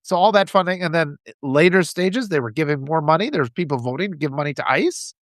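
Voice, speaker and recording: Man, passionate political monologue, animated delivery, dry sound. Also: on the high side, fairly quick, no echo. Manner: passionate, ranting, quotes opponents in mocking voices. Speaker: political commentator.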